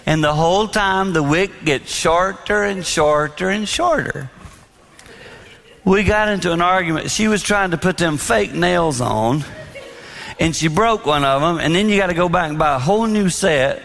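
A man preaching a sermon on marriage, telling personal stories in a lively, confessional way. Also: high voice, moderate pace, creaky. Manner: animated storytelling, confessional. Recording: long reverb in a large hall.

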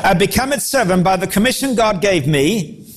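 A man preaching a sermon, acting out the crowd's reactions with animated delivery. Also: sits high, normal speed, slight background noise.

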